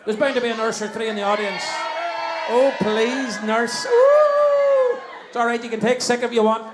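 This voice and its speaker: A man's voice: very high-pitched, level tone, rapid-fire. A middle-aged man with a Northern Irish accent compering a live show, cracking cheeky jokes and bantering with the audience. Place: stage in a hall before a live audience. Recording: echoey hall, faint crowd and noise.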